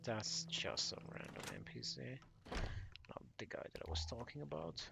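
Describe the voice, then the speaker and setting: Very animated, with vocal fry and a medium pitch, a man talks at a normal speed while playing a video game. He rambles through his let's-play commentary for his gaming channel and keeps correcting himself. The background is noisy.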